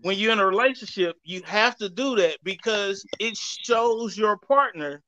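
A man's voice: high voice, unhurried, hardly any pauses, background noise. A man co-hosting a casual panel chat, talking emphatically and repeatedly addressing the men listening. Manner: emphatic, repeats "I'ma tell you right now", addresses the fellas. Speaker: podcast co-host.

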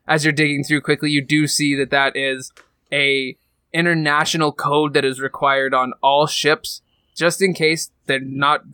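A man's voice: mid-range voice, bright, forceful tone, clean tone, no echo. A man narrating a tabletop roleplaying game as game master, casual and full of fillers.

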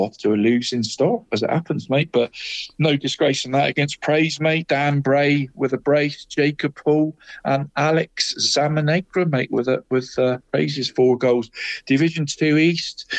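A man's voice: fairly high pitch, no echo. A man co-hosting a football radio show, running through local league results in a chatty way, saying "mate" all the time and laughing at his own slips. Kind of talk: casual sports results chat.

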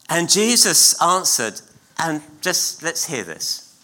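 A middle-aged man preaches in church with a high, lively voice that climbs and falls across each phrase. His tone is bright and forceful, and he hammers key words through repetition and deliberate pauses. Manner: emphatic preaching with repeated phrases and slow pauses. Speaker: pastor. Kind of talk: sermon.

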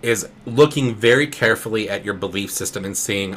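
Podcast co-host, male, low but bright voice, rambling delivery, faint noise behind. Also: fairly quick, hardly any pauses. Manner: rambling, restarts, many "right?" tags. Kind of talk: casual podcast conversation.

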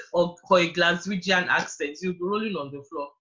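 A woman's voice: fairly low pitch, measured pace, a bit bright, low-quality recording. A middle-aged woman with a Nigerian accent, chatting as a guest on an interview show, chatty and self-deprecating. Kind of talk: casual interview chat.

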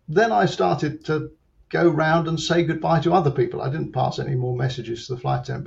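A man telling a personal story as an interview guest, reflective and halting, with frequent restarts. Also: on the high side, vocal fry, a little mellow. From Britain. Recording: muffled lo-fi sound.

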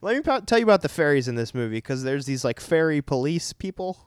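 A man's voice: fairly high pitch, sing-song, fast talker, clean tone, no echo, studio quality. A young man co-hosting a podcast, chatting casually in a rambling, joking way. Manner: rambling, laughing, self-deprecating. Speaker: podcast co-host. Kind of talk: casual chat.

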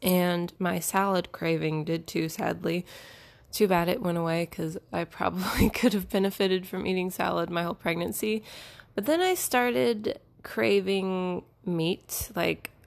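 A young woman hosting her own show tells personal stories in a loose, rambling way, full of fillers and little laughs. Her voice sits fairly low and carries a gravelly fry. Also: unhurried. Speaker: podcast host. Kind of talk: casual personal storytelling.

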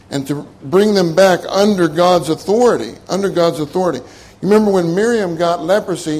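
A man's voice: fairly high pitch, darkish tone, a little hiss or hum. An older man preaching a sermon in a conversational way, repeating his key phrases and laughing at his own jokes.

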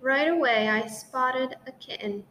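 Slow, playful woman reading a storybook. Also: high-pitched, a bit bright, a little hiss or hum. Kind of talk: storybook read-aloud.

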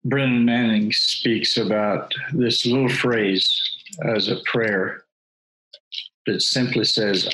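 Slow, low-voiced older man. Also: steady tone, bright, forceful tone, poor audio. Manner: thoughtful, measured storytelling. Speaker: guest, author and former missionary. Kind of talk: reflective interview talk.

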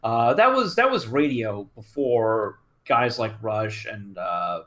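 A man's voice: on the low side, animated, slow, fairly bright tone. A man in his thirties co-hosting a podcast in casual chat, rambling with many fillers and restarts. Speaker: podcast co-host.

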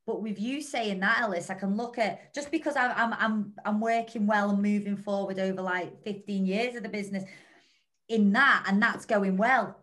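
A woman's voice: medium pitch, normal speed, a bit bright. Earnest rambling woman podcast co-host. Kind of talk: reflective casual chat.

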